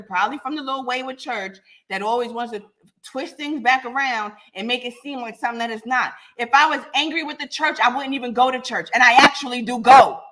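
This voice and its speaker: A woman's voice: on the high side, pushed and bright. Blunt, profane woman podcast host. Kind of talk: live podcast rant.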